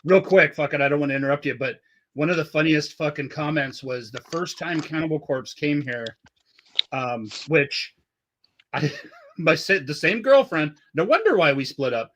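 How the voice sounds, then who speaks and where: A man's voice: a little high, moderate pace, a bit bright, a little hiss or hum. A middle-aged man hosting a podcast, rambling and swearing a lot as he laughs through old stories. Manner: profane, rambling, laughs often. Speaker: podcast host. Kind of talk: casual podcast chat. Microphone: remote call audio.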